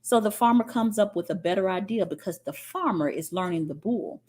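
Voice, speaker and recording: A woman's voice: medium pitch, a little fast, a little mellow. A woman giving a spiritual teaching talk in a blunt, profane and emphatic way, often checking in with "okay?".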